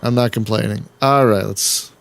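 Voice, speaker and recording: A man's voice: lowish voice, fairly even intonation, moderate pace, vocal fry. A man hosting a casual let's-play, chatting and rambling as he plays, laughing often and sometimes breaking into exasperated outbursts. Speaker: gaming channel host.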